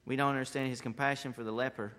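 A man preaching a sermon with passion, building to loud emphatic peaks and then dropping low and quiet. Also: fairly even intonation, fast talker. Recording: long hall reverb.

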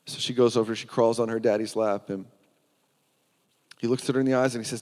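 Man, pastor, earnest sermon storytelling, mid-pitched, long hall echo. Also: flat delivery, brisk, long pauses, a little mellow. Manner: earnest storytelling with frequent restarts.

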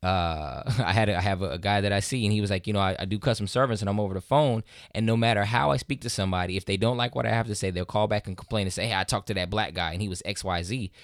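A man's voice: on the low side, rapid-fire, hardly any pauses, dry recording, studio quality. A man co-hosting a podcast, chatting casually and retelling stories with lots of fillers. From United States. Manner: conversational, animated when retelling stories, frequent fillers. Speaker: podcast co-host. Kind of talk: casual discussion.

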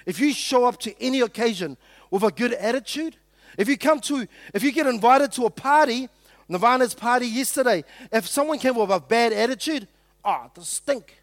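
A middle-aged man preaches to his congregation in a high, light voice. He talks like he is chatting, jokes and acts out little quotes. The sound is close and dry. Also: fairly quick, no room sound. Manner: conversational, joking with the congregation, acting out quotes. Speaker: pastor. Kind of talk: sermon.

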